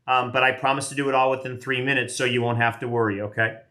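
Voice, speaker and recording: A man's voice: medium pitch, steady tone, fast, sharp tone. A man in his late fifties, chatting casually as he opens trading card packs on a live stream, rambling and self-deprecating. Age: 50s. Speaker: card collector doing a live box break.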